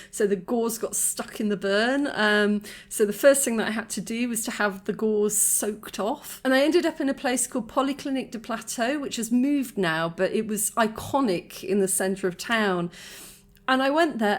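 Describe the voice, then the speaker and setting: A woman in her forties speaks in a casual, reflective vlog style with a slightly higher voice. She is chatty, laughs often and restarts her sentences as she thinks aloud. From United Kingdom. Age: 40s. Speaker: vlogger.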